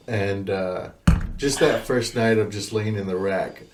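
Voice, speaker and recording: Man recalling stories in low tones. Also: unhurried. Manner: low-key, reflective storytelling. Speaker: podcast guest. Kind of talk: casual podcast chat. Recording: faint background noise.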